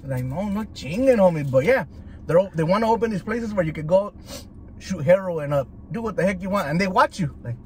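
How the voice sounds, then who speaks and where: A man's voice: high-pitched, brisk, a little hiss or hum. A man, chatting in a car as a food vlogger, ranting with slang, swearing and Spanish asides. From Southern California. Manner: animated, slangy, switches into Spanish. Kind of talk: profane ranting chat while eating. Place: inside a parked car.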